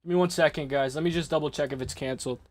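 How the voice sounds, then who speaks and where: A man's voice: a little high, steady tone, very fast, darkish tone. A young man hosting a casual livestream, talking loosely with lots of swearing and exasperated, mocking asides to his chat. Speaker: livestream host.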